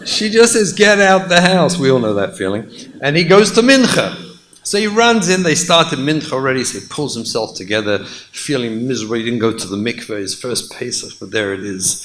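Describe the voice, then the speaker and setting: A man, a rabbi, telling a humorous story in a lecture, in a lively way, mixing in Yiddish and Hebrew words. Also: mid-range voice, fairly quick, slight background noise, poor audio.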